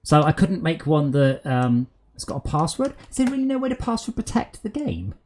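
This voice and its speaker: A man's voice: fairly high pitch, big pitch swings, normal speed, darkish tone, a little hiss or hum. A man hosting a casual gaming stream, chatting and rambling aloud with lots of fillers while he sorts out game problems.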